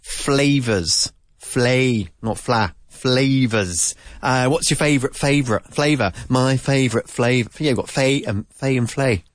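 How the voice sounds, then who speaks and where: A man teaching vocabulary to Spanish speakers in a relaxed, chatty way, repeating words slowly to drill their pronunciation. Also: medium pitch, no echo, studio quality. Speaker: English teacher. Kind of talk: casual language lesson.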